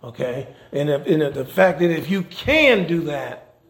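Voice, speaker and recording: A man's voice: a little high, big pitch swings, unhurried. A male pastor and chaplain preaching a conversational sermon in a church, checking in with the congregation with frequent "okay?". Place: church sanctuary. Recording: echoey church room, faint noise.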